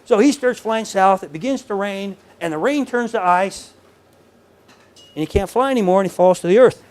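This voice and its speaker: A man's voice: high voice, moderate pace. Earnest storytelling man lecturing. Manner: earnest, storytelling, swings from hushed to loud. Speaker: lecturer at professional workshop. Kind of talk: conversational lecture. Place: lecture room before a live audience.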